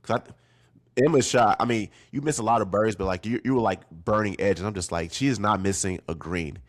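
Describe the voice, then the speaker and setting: A man's voice: on the low side, quick pace. A man hosting a podcast, talking casually and enthusiastically with a guest. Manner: enthusiastic, conversational. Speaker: podcast host.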